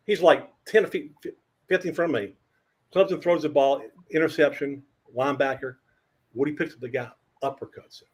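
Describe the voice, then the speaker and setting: An older man, a veteran sports writer, telling animated anecdotes as a guest, with stammering restarts and a husky voice. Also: on the high side. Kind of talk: animated storytelling.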